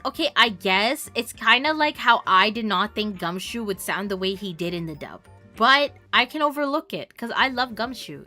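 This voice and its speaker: Playful young canadian streamer girl, bright highish voice, teasing chat w faint game music under it. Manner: playful teasing, bursts of laughter and mock insults. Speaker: variety streamer. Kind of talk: casual chat reading stream chat.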